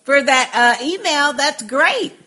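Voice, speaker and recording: A woman co-hosting a podcast in casual chat, expressive and quick to exclaim. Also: high voice. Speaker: podcast co-host.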